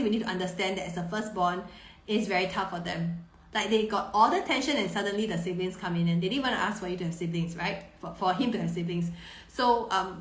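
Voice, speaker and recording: A woman in her thirties, a parenting coach answering viewer questions on a live stream, warm and reassuring, often repeating words as she thinks. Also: mid-range voice. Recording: roomy echo.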